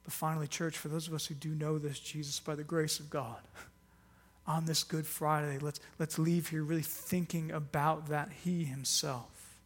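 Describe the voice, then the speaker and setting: A man's voice: a little high, flat delivery, moderate pace. Earnest preacher man in a reverberant church. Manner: earnest, emphatic, swelling louder on key phrases. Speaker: pastor. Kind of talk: sermon. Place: church hall. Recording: long reverb of a church hall.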